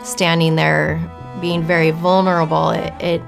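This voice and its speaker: A woman's voice: low voice, little pitch movement, measured pace, gravelly. A woman sharing her faith testimony in a candid, reflective way. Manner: reflective, candid, with soft laughs. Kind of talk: personal storytelling. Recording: faint music underneath.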